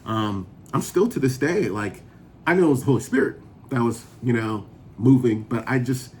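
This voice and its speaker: A man telling his personal testimony in a relaxed, chatty way, often laughing as he goes. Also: mid-range voice, moderate pace, a little hiss or hum. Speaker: vlogger sharing a sobriety testimony. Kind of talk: casual personal storytelling.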